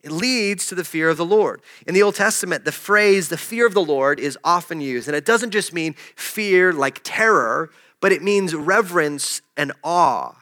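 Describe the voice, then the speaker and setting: Bright-voiced man preaching a sermon. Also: on the high side, lively intonation, moderate pace, hardly any pauses. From desert region. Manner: conversational, jokes with the congregation. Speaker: pastor. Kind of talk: sermon with personal story.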